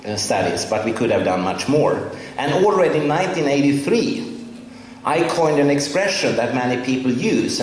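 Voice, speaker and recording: A man from Sweden with a Swedish accent, giving a conference lecture in English, emphatic and wry with halting fillers. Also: medium pitch. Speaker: professor giving a conference talk. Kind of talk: public lecture. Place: large lecture hall. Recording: very echoey hall with long reverb, faint hiss.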